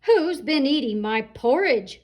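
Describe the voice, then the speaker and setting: A woman's voice: high voice, expressive, a little slow, a little mellow, pitched above the performer's own voice. A woman doing a roaring daddy rhino. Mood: indignant. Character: big booming father rhino.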